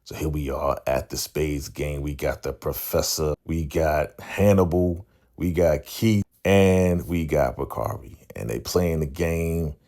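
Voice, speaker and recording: A man's voice: a bass voice, steady tone, a little slow, dark tone. A man hosting a casual TV episode recap, laid-back and conversational, often checking in with "right?" and acting out the characters' lines. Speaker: TV recap channel host.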